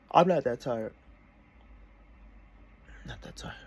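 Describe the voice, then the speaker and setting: A man's voice: mid-range voice, animated, takes it slowly, a little mellow, breathy edge. A young man in a casual vlog, talking from his desk in a meandering, self-interrupting way. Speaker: vlogger.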